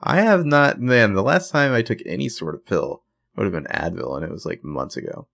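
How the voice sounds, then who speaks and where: Lively, low-voiced man recapping TV. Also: brisk, vocal fry. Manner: animated, profane, opinionated. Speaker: podcast co-host. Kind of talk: casual TV recap chat.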